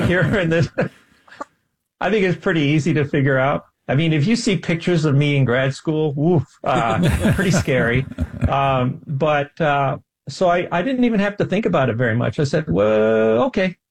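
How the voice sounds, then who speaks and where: A man appearing as an interview guest, a scientist, tells a personal story with earnest, self-deprecating enthusiasm. His voice is fairly high with a breathy edge, and he speaks at a normal speed.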